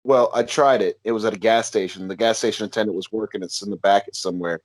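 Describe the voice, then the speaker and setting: A man's voice: lowish voice, fast talker, dry recording. Crude rambling podcast host, man. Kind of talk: casual podcast chat.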